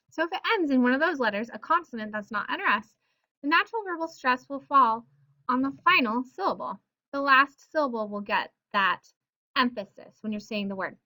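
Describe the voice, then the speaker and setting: A woman teaching Spanish pronunciation rules to her viewers, upbeat and sounding out example words slowly with emphasis. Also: on the high side, bright, forceful tone. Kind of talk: explaining pronunciation rules to camera.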